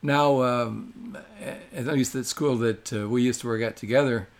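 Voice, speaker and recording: Older man, halting mild speech. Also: mid-range voice, gravelly. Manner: halting, many fillers, mild. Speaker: podcast guest. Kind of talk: casual podcast chat.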